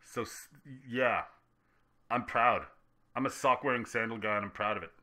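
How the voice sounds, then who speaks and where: A man hosting a casual gaming vlog Q&A, rambling and joking with self-deprecating asides, his delivery swinging between loud and soft. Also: medium pitch, steady tone, normal speed. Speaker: gaming YouTuber answering viewer questions.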